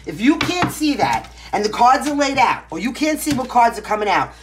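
A woman's voice: on the high side, very animated, brisk, a little hiss or hum. A woman with a Brooklyn New York accent giving a casual tarot reading to the camera, blunt and emphatic, tagging her points with "right?" and "okay?". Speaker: tarot reader.

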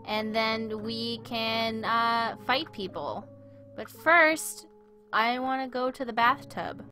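A woman's voice: on the high side, takes it slowly, bright, forceful tone, soft background music. A woman streaming a game, rambling through awkward, self-deprecating commentary. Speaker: let's play streamer.

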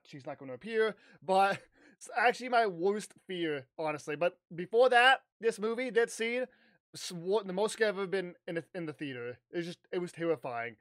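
High-voiced guy rambling through a story for his vlog, lots of restarts, dry close sound. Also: no echo. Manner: animated, rambling, with restarts and swearing. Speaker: YouTuber.

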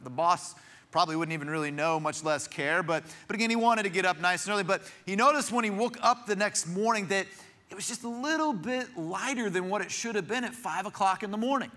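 A man's voice: high-pitched, brisk, sharp tone. A man, a pastor, preaching a sermon in a church, telling stories in a conversational way with frequent restarts. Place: church sanctuary.

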